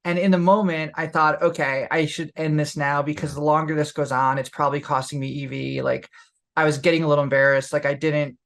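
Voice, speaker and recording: A young woman with a gravelly edge to her voice tells a story on a podcast. She talks candidly and loosely, leaning on fillers as she goes. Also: low voice, fairly even intonation, fairly quick. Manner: candid, lots of fillers, laughs while telling. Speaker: podcast co-host. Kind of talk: casual storytelling.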